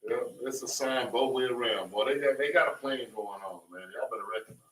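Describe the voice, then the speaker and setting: A man's voice: medium pitch, a little fast, a bit bright, far from the mic. Guy chiming in from across the room, echoey, kinda rambling. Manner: loose, chatty, rambling. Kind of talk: casual commentary in a Bible class.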